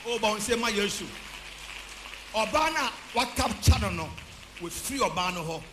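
A man preaching as a prophet, shouting and half-singing his lines, mixing in testimony from the congregation. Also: sits high, animated, moderate pace. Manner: shouting, sing-song preaching, switches between Twi and English. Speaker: prophet leading a church service. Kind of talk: charismatic sermon with testimony. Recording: echoey church hall with background hum.

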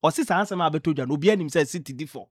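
A man with a Ghanaian accent presenting sports news on radio, telling stories in a lively way and mixing in English phrases. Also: fairly high pitch, rapid-fire, no echo, studio quality.

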